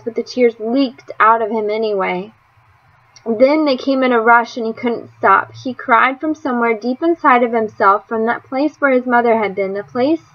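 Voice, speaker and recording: High-voiced woman reading a storybook. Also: highs cut off. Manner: measured, expressive reading. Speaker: audiobook reader. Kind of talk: storybook narration.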